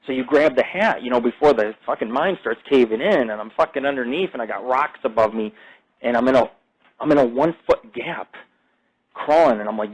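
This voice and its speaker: A man's voice: mid-range voice, lively intonation, a little fast, breathy edge, lo-fi sound. A man hosting his own podcast, delivering a rambling, profane casual monologue that jumps between topics. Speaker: podcast host.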